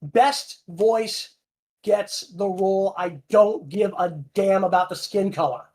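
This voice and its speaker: Speaking slowly with a medium pitch and a slightly mellow quality, this voice actor fires off an angry rant in a fan channel's livestream Q&A. The delivery is full of profanity and repeated words.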